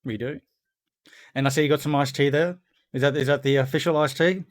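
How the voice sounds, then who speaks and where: A man's voice: medium pitch, steady tone. An Australian man hosting a casual chat, talking with frequent restarts. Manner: chatty, laughing, halting restarts. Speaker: host.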